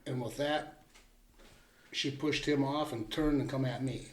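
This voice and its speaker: An older man of medium pitch recounts a tale in a plainspoken, folksy way. His voice rings with a roomy echo, as if he is sitting a bit back in the room. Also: steady tone, measured pace, over a noisy crowd. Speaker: guest. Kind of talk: casual storytelling.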